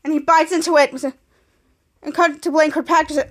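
Woman podcast host, high voice; casual scene-by-scene recap, heavy on "cut to", reads the dialogue aloud. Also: level tone, fairly quick. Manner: narrates scene by scene, repeating "cut to" and reading characters' lines aloud.

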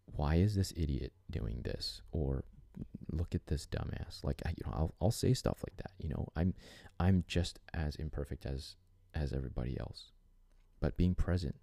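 Podcast host, male, very low mellow voice, earnest and rambling, dry close sound. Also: gravelly, no room sound. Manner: earnest, rambling, with frequent restarts and filler. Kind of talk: reflective solo podcast monologue.

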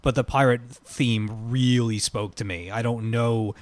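A man chatting casually about video games, an animated storyteller who bursts into loud pirate cries. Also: mid-range voice, unhurried, no room sound.

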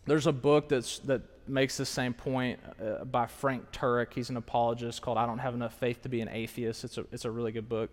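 A man preaching a sermon to a live audience, animated and engaging, swinging from hushed asides to raised, emphatic lines. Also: medium pitch, a little fast, hardly any pauses. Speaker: pastor. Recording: long hall reverb.

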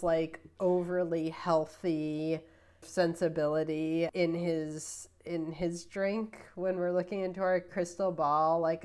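Low-voiced, opinionated woman rambling. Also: a little mellow, clean tone. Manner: opinionated and rambling, heavy on "like" fillers. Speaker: podcast guest, mixologist. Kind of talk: casual podcast chat.

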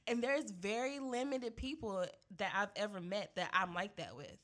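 A woman's voice: medium pitch, normal speed, fairly bright tone. A woman co-hosting a casual chat, telling a personal story with lots of animation and slang, acting out quoted voices and laughing often. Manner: casual American slang, says y'all and girl.

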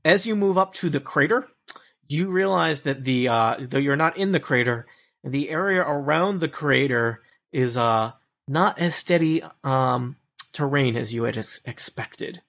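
A man running a tabletop role-playing game as game master, relaxed, laughing often and talking with many fillers. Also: mid-range voice, unhurried, vocal fry.

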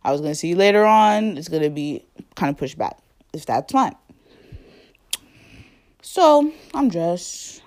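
A woman's voice: on the low side, big pitch swings, a little slow, pauses often, darkish tone. A young woman casually telling a story to the camera, full of fillers and quoted dialogue, laughing often.

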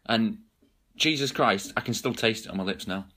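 A man's voice: fairly low pitch, normal speed, sharp tone. A young man co-hosting a podcast in casual chat, giggly and often stumbling over his words. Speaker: podcast co-host.

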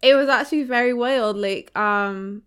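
Animated young woman, higher voice. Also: normal speed, clean tone. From Barbados. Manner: animated storytelling, swears freely, acts out quoted voices. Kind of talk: casual chat.

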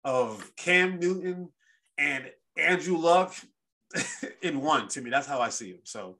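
A man hosting a casual sports podcast, telling stories in an animated, rambling way with lots of restarts. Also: a little high, takes it slowly, a crowd in the background. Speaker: podcast host.

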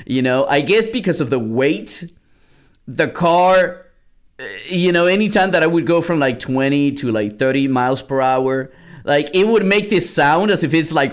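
A man in his thirties, originally from Peru, coaching listeners on network marketing in a solo podcast. His fairly high voice swings widely in pitch as he rambles and throws questions at his audience. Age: 30s. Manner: animated, rambling, laughs and asks listeners questions.

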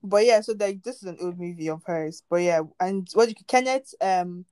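A woman, co-hosting a casual chat, lively and quick to scold playfully. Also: fairly low pitch. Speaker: podcast co-host.

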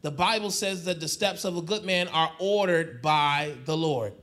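A man's voice: on the high side, moderate pace. A male pastor preaching a sermon. He repeats and restarts phrases and calls on the congregation to answer back. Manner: swings from soft to loud exhortation.

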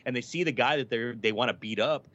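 A man's voice: mid-range voice, fast, a bit bright. A man in casual, rambling conversation, full of fillers and swearing. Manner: rambling, filler-heavy, profane. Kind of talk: casual chat about movies. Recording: dull lo-fi sound.

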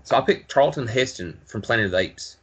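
A man talking casually as a podcast co-host, halting with many fillers and repeated words. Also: medium pitch, lively intonation, slight background noise. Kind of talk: casual chat.

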